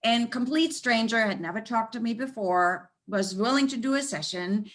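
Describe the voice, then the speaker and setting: Woman telling animated stories. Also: on the high side, moderate pace. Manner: animated, laughs often while telling stories. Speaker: animal communicator. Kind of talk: storytelling in a conversational interview. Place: United States.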